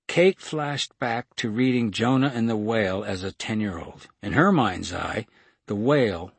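Male audiobook narrator, measured and steady, husky tone, dry close recording. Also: fairly low pitch, dry recording. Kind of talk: scripted narration.

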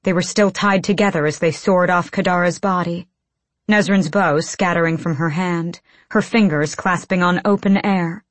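A woman's voice: on the low side, steady tone, normal speed, dry recording. A woman reading an audiobook in tense, clipped bursts of phrasing. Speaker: audiobook narrator. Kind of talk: scripted audiobook narration.

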